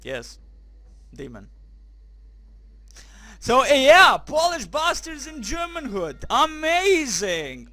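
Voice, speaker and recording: High, lively, bright man commentating a game. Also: takes it slowly, long pauses. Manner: crude, joking, excitable; cries out German phrases. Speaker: gaming commentator. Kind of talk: let's play commentary.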